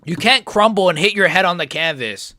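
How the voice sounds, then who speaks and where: A man's voice: high-pitched, animated, a little fast, sharp tone, no room sound, studio quality. A man hosting a live stream, reacting to a fight in a casual, rambling, profane way.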